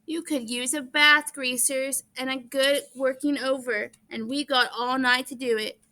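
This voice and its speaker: Lady reading as a drunk rich teen bully, slow taunting drawl, kinda loud and high. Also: steady tone. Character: drunk, sneering rich teenage boy bully.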